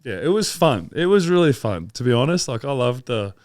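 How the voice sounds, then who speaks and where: A man's voice: medium pitch, sing-song, fairly quick, a little mellow, dry recording, clean studio sound. Laid-back aussie man, rambling chat. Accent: Australian. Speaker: podcast guest. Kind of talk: casual interview chat.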